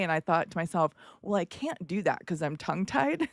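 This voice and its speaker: A woman content creator chatting on a live stream, telling stories with big swings in pitch and frequent laughs. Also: sing-song, quick pace, dry recording, studio quality. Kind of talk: casual live-stream chat.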